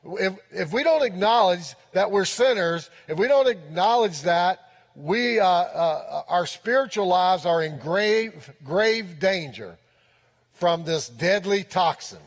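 A man with a high voice preaching a sermon with emphasis and repeating his points for weight. He is recorded in a church with a long, lingering reverb. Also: expressive, slow. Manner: emphatic, repeats key phrases. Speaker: pastor.

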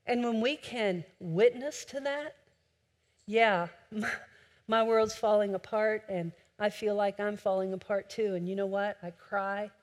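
A woman preaching a sermon with impassioned delivery, swinging between loud urging and a soft hush. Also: mid-range voice, measured pace. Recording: long hall reverb.

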